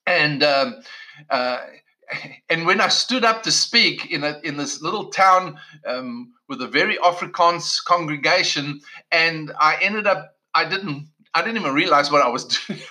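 Man, middle-aged, pastor, from south africa, very bright tone, fairly high pitch, casual testimony. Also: expressive, a little slow, low-quality recording. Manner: conversational, with many restarts and "you know". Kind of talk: personal testimony talk.

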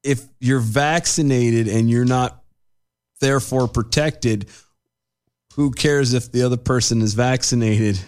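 A man's voice: mid-range voice, steady tone, measured pace, darkish tone, clean tone. A man co-hosting a casual podcast, reading news quotes aloud and ranting in exasperation. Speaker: podcast co-host.

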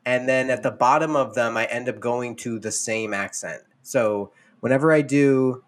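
A man's voice: medium pitch, normal speed. A man co-hosting a casual podcast, rambling and playful, often laughing as he talks. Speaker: podcast co-host.

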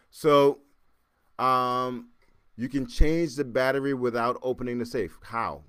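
A man hosting his podcast, telling a story casually with lively repeats and acted-out sounds. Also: medium pitch, slow, clear, resonant tone, no echo, studio quality. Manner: animated, repeats words and acts out sounds. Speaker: podcast host.

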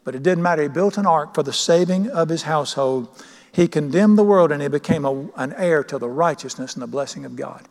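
A man's voice: fairly high pitch, brisk, a little mellow. A pastor preaching a sermon, emphatic and questioning his congregation. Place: church sanctuary. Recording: long church reverb.

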